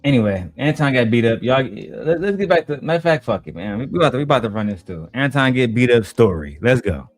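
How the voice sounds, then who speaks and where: A man's voice: medium pitch, sing-song, fast, few pauses, no echo, studio quality. Blunt, mocking male show host. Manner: mocking, blunt, crude slang. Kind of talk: profane reaction commentary.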